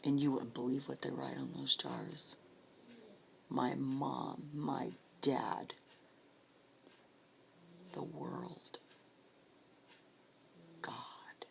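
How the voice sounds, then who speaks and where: Low woman with gravelly fry, talking soft and hushed about grief, a little tearful, faint hiss behind. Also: big pitch swings, drawn-out words, long pauses. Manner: soft, hushed, often breaking into a whisper. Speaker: grief support volunteer. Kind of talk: personal storytelling.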